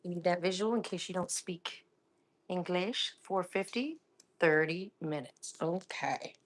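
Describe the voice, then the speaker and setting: Chatty lower-voiced woman cooking live. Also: measured pace. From Florida. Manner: chatty, laughs often, sometimes drops to a soft half-whisper. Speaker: live-stream cooking host. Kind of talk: casual chat while cooking. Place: home kitchen.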